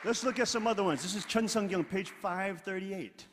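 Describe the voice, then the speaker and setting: Middle-aged male pastor, high voice, emphatic sermon delivery, long hall reverb. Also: normal speed, a faint crowd, a little hiss or hum. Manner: emphatic, swings between loud exclaiming and quiet asides; leads the congregation in reading scripture aloud.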